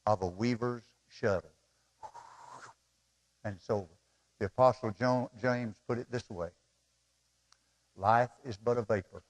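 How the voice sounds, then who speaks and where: A middle-aged man preaching a sermon as pastor, emotional and pleading, swinging from loud appeals to soft asides. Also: lowish voice, slow pace, long pauses.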